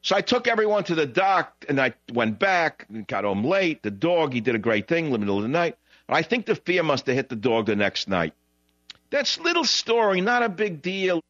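A man hosting a call-in radio show, telling a long rambling anecdote in a blunt, digressive way, his voice jumping high when he retells what others said. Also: big pitch swings, moderate pace, a bit bright, dry recording, dull audio. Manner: blunt, digressive, frequent "blah, blah, blah". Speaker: radio talk show host.

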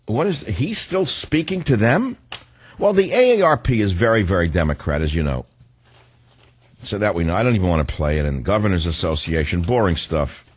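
A man's voice: fairly low pitch, husky, no echo. Combative older male talk radio host. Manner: combative, sarcastic, rambling asides. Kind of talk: opinionated talk radio monologue.

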